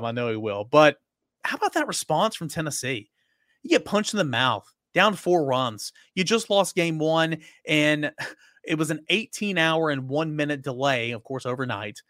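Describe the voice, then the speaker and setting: A man's voice: a little high, no echo, studio quality. A man giving a casual sports recap as a reporter, telling stories with emphatic repetitions. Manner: animated storytelling, emphatic repetitions.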